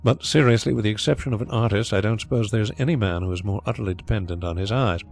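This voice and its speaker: A man voicing a proud, brisk former solicitor who talks bluntly and bristles quickly. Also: fairly low pitch, gravelly, soft background music.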